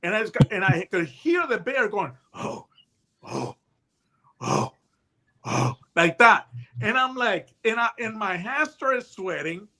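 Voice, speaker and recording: A man in his late fifties, a retired hostage negotiator, telling stories in a casual chat, animated and full of restarts and voiced quotes. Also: high voice, normal speed. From United States. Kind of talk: casual storytelling.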